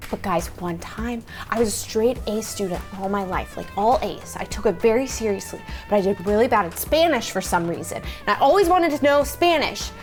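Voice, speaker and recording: A young woman hosting a reaction video, chatting casually and reminiscing, easily amazed by what she sees. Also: a little high.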